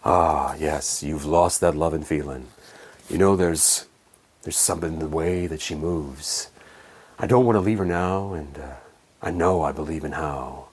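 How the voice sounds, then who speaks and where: A man doing an impression of a male celebrity crooner who talks his way through song lyrics in a slow, murmured voice. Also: rumbling low, a little mellow, husky, voice pushed down, full character voice. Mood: crooning.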